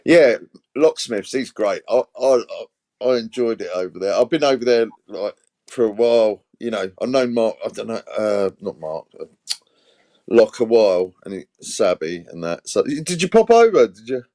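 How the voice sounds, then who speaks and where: A man's voice: on the low side, expressive, moderate pace, dark tone. Swearing, laughing man hosting a stream. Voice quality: swears freely, laughs often. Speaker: livestream host. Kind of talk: casual livestream chat.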